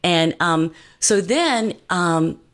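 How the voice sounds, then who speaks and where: A woman's voice: fairly low pitch, expressive, extremely slow, a bit bright. A woman guest telling a personal story in an earnest, meandering way, full of fillers and restarts.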